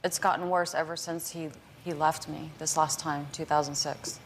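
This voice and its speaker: Defensive exasperated wife on a talk show. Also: female voice, low voice, little pitch movement, moderate pace, a little hiss or hum. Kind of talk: heated marital argument.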